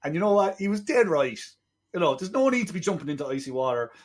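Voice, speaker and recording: A man co-hosting a podcast, chatting casually about a film in a rambling way with quick asides. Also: a little high, sing-song. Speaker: podcast co-host. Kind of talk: casual film review chat.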